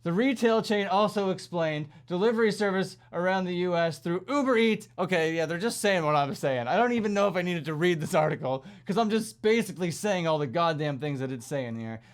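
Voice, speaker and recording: Young male vlogger, high voice, angry sarcastic rant, lots of swearing. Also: lively intonation, fairly quick, hardly any pauses. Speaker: vlogger and coffee shop worker. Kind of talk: angry ranting vlog commentary.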